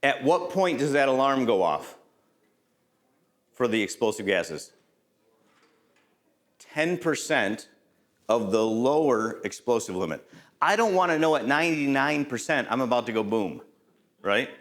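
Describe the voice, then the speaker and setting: A man's voice: mid-range voice, measured pace, long pauses. A middle-aged man giving a conversational safety lecture, quizzing the audience and tossing in "right?" as he tells stories from the job. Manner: storytelling with lively anecdotes. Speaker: safety trainer.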